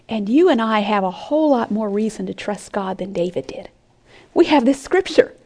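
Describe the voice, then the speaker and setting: A woman giving an earnest sermon-style Bible teaching, often dropping her voice to a soft whisper for emphasis. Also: on the high side. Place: conference room with an audience.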